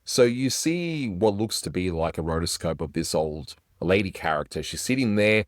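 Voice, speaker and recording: A man's voice: low-pitched, animated, normal speed, no echo, clean studio sound. A man hosting an animation review, talking in a chatty, enthusiastic way. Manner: enthusiastic, chatty, does little voice impressions. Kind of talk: casual review commentary.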